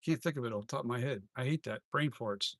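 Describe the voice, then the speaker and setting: A man's voice: medium pitch, fast, fairly bright tone, no echo, clean studio sound. A man who makes masks, chatting casually on a live stream, rambling and often trailing off and restarting sentences. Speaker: mask maker and live streamer.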